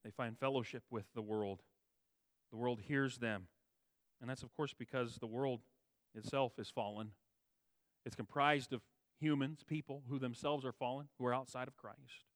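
A man preaching a sermon, stressing key words with a raised voice and dropping to quiet low asides, restating phrases for emphasis. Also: fairly even intonation, normal speed, no room sound. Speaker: pastor.

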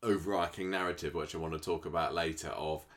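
A man's voice: low voice, steady tone, fast, a bit bright. A British man co-hosting a podcast, chatting with opinions on the soap and laughing easily. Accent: British English. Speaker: podcast co-host. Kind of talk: casual soap recap chat.

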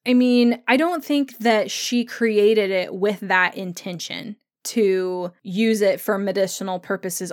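A chatty woman hosts a podcast, reading listener comments and giving her own take in an easy, conversational way. She laughs often and slips into quick voices to act out moments. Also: mid-range voice. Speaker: podcast host.

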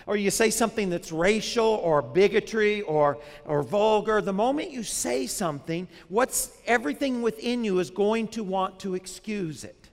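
A man's voice: sits high, normal speed, hardly any pauses, big-room sound. A man, a pastor, preaching a sermon in a conversational way, often putting questions to the congregation.

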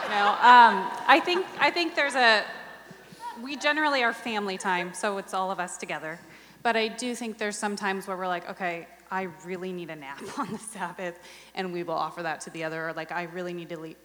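A woman guest on a church panel answering in a chatty, loose way, leaning on "like" as she goes. Her voice sits a bit low. A long hall reverb hangs behind her. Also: a bit bright, a little hiss or hum. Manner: chatty, uses "like" often.

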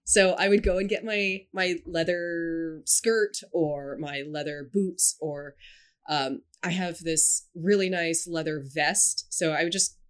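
Giggly, rambling woman, slightly low voice. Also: steady tone, takes it slowly. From Scotland and China. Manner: giggly, rambling, lots of fillers. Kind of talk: casual chat.

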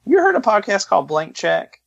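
A man co-hosting a podcast in casual chat, deadpan and jokey, sometimes drifting into a put-on drawl. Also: high-pitched, brisk, gravelly, dull audio. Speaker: podcast co-host.

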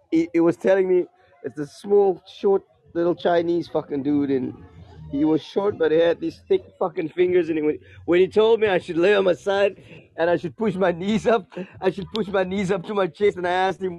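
A man's voice: sits high, normal speed, dark tone, dry recording. A man telling a crude story in casual chat, rambling, repeating his words and swearing often. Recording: dull lo-fi recording.

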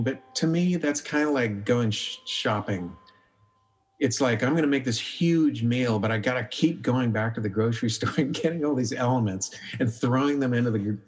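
A middle-aged man, a documentary filmmaker, talking casually in a podcast interview, telling stories and acting out his own thoughts, with many restarts. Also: mid-range voice. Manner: animated storyteller, acts out his own inner voice; frequent restarts and filler "like".

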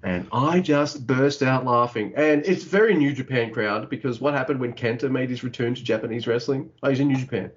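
Animated, swearing man on a lo-fi podcast. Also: medium pitch, a little fast, hardly any pauses. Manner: animated, swears a lot, acts out wrestlers' lines. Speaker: podcast co-host. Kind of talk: casual wrestling chat.

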